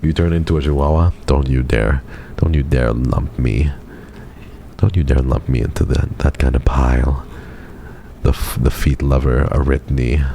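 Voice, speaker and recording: A man's voice: rumbling low, steady tone, normal speed, vocal fry, warm tone, slight background noise. A young man chatting casually with his live-stream audience in a playful, teasing, dramatic way.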